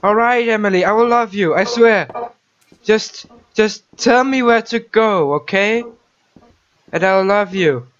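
A man's voice: high voice, measured pace, a bit bright, muffled recording, a little hiss or hum. A man hosting a horror let's-play, jumpy and swearing as he talks to the game character. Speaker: gaming channel host.

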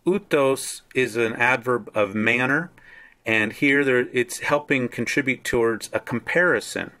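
Slow, deliberate male Greek teacher. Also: medium pitch, sharp tone. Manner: slow, deliberate, explaining word by word. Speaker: Bible scholar teaching Greek. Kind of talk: screen-share Greek lesson.

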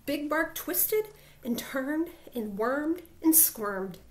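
A woman teacher reading a children's picture book aloud with playful, expressive emphasis. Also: sits high, takes it slowly, slight background noise.

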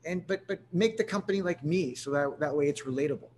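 Energetic Canadian man hosting a webinar. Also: a little high, quick pace, slight background noise. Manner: energetic, animated, with many restarts and fillers. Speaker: webinar host. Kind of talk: live webinar presentation.

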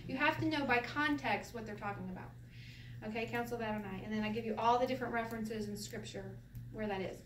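A woman with a fairly high voice moves at a quick pace through an informal Bible Hebrew lesson, lively and often laughing while explaining via rhetorical questions. Her voice comes from some distance in an echoing room with faint hiss.

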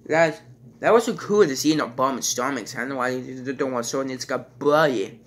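A man giving a casual, rambling movie review, halting and restarting his sentences and stringing thoughts together with "and then". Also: mid-range voice, a little hiss or hum.

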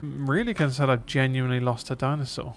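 A man's voice: mid-range voice, fast, a little hiss or hum. A British man chatting and joking while streaming a game. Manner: jokey, laughing. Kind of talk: casual gaming banter.

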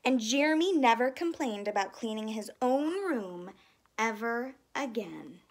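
A woman teacher reading a storybook aloud to first graders in an expressive, sing-song way. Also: a little high, measured pace. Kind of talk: children's storybook read-aloud.

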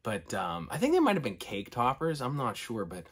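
A middle-aged man talking casually through an unboxing, excitable and often dropping to delighted whispers and gasps. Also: medium pitch, normal speed, husky. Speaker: collector vlogger.

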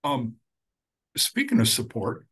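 A middle-aged man, a recovery counselor, talking earnestly and with feeling, with some halting fillers. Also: mid-range voice, wildly swooping pitch, fairly bright tone, breathy edge. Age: middle-aged or older. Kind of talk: conversational storytelling.

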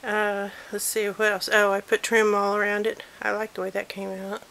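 Showing off her handmade miniature in a casual home vlog, this crafter speaks at normal speed in a monotone, medium-pitched voice that is creaky and fairly bright. She films on a handheld digital camera in a cluttered room, often apologizing as she goes.

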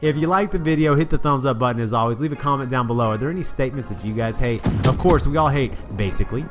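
Man, mid-pitched, lecturing casually over clear background music, repeats himself for emphasis. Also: quick pace, hardly any pauses. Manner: conversational, emphatic, preachy advice with repeated restarts. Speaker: gaming commentary host. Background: music playing under the voice.

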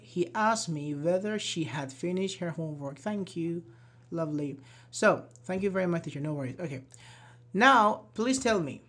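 An online English teacher giving a live grammar lesson, slowly repeating example sentences and answering chat. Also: medium pitch, a bit bright. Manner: slow, repeats examples, apologizes and laughs at own slips.

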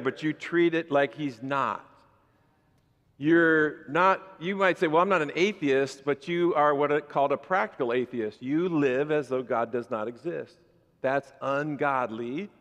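Animated preacher man in a reverberant hall. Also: on the high side. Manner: animated, switches between calm teaching and loud emphatic bursts. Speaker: pastor. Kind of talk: sermon.

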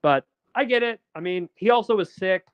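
A man's voice: sits high, moderate pace, clear, resonant tone, dry recording, highs cut off. A man, a documentary filmmaker, chatting casually as a guest and rambling with lots of fillers and restarts. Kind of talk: casual interview chat.

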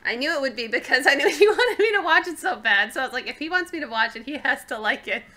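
High-pitched and expressive, this young woman from Canada speaks fast with a bright, forceful tone. Co-hosting a podcast while hiccuping, she chats casually, laughing a lot and trailing off mid-sentence.

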